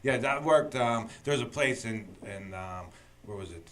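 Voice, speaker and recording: A man who is a guest comedian, telling road stories in a casual chat, animated and often laughing. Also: mid-range voice, normal speed.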